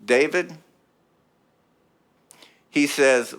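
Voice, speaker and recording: A man's voice: a little high, moderate pace, fairly bright tone. A middle-aged man preaching a sermon in an emphatic, rhythmic style built on repeated phrases. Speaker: pastor.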